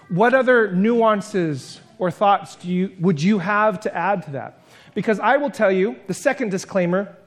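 In a high voice, a pastor delivers a reflective, conversational sermon, piling up long spoken lists and stopping now and then to poke fun at himself.

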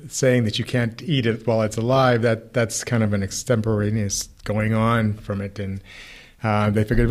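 A man, a rabbi co-hosting a podcast, explaining ideas in a relaxed conversational way and acting out quoted lines with lively shifts. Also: moderate pace. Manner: animated, acts out quoted voices with rising pitch. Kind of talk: casual theological conversation.

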